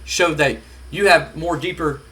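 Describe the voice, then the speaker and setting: A man's voice: on the high side, measured pace, sharp tone. A man voicing a stern, snobbish wealthy father who scolds his daughter with a stammer. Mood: scolding.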